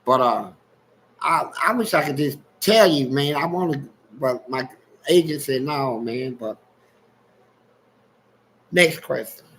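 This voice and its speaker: A man's voice: mid-range voice, animated, takes it slowly, long pauses, fairly bright tone, a little hiss or hum, rough recording. A man telling frank, streetwise stories in a casual livestream chat and laughing along as he goes. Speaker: guest storyteller on a livestream.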